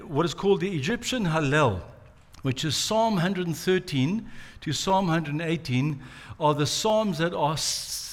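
Male preacher, mid-high voice, dramatic storyteller. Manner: dramatic storytelling, acts out quotes. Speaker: pastor. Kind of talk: sermon.

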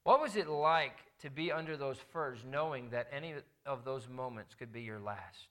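A man doing a humble shopkeeper from a story, speaking softly and with deference. The voice stays timid, with a bright, forceful edge underneath. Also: medium pitch, moderate pace, natural voice. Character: frightened humble male shopkeeper.

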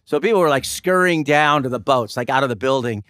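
A man's voice: mid-range voice, animated, brisk, a bit bright, clean tone, no room sound, clean studio sound. A man telling a story in casual chat, easygoing and wry with loose fillers.

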